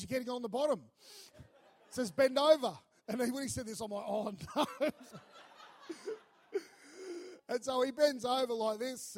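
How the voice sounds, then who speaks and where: A man preaching a sermon, telling a lively story and acting out the voices in it. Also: high-pitched. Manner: animated, acts out voices in his stories. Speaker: pastor.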